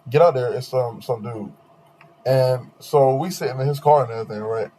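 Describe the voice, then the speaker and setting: A young man hosting a podcast, telling a long dating story in slangy, animated casual chat with quoted voices. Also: mid-range voice, moderate pace, slight background noise. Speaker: podcast host.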